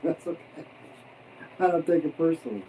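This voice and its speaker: A man's voice: a little high, animated, a little fast, dark tone, distant mic, slight background noise, rough recording. A man hosting a casual mukbang livestream, chatting and joking while he eats. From abroad, expat. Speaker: livestream host. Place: home in the Philippines.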